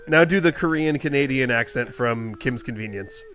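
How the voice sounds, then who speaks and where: A man's voice: medium pitch, lively intonation, unhurried, sharp tone, a little hiss or hum. A young man co-hosting a podcast, playfully answering trivia and asking for silly accents, laughing often. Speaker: podcast co-host, quiz contestant. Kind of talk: casual comedic banter.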